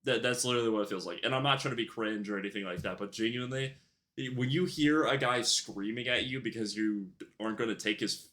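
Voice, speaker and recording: A man's voice: on the low side, fairly bright tone. A young man telling a storytime vlog about his retail job in a casual, rambling way, full of fillers and restarts. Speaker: YouTuber telling a work story.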